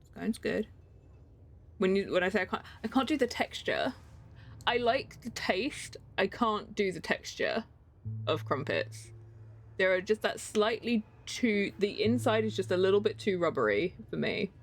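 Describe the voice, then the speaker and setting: Streaming a game, this young English woman keeps up a casual live-stream chat, giggling as she rambles from one thought to the next. Her mid-range voice is very animated, though her pace stays measured.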